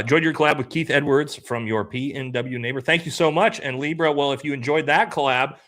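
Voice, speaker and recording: A young man hosting a live stream, chatting casually and reading out viewer comments. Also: medium pitch. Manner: relaxed, reads viewer comments aloud.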